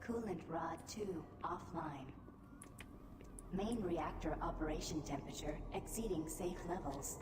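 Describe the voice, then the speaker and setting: A woman voicing a female facility announcement computer in a game, with flat, clipped warnings. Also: deep voice, a little slow, noisy background. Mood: alarm. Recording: echoey, distant, under loud game music.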